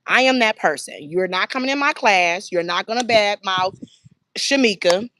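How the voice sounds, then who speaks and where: A woman's voice: medium pitch, moderate pace, slight background noise. Emphatic woman running a child care center. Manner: emphatic, animated storytelling with acted quotes. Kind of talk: casual talk to camera.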